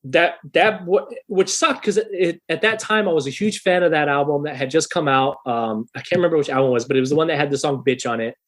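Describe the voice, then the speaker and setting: A thirty-year-old man telling a story in a casual podcast interview, animated and profane, loudly acting out the people he quotes. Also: on the high side, fast, few pauses. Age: 30s. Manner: animated, swearing, acts out quoted voices loudly. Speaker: guest musician.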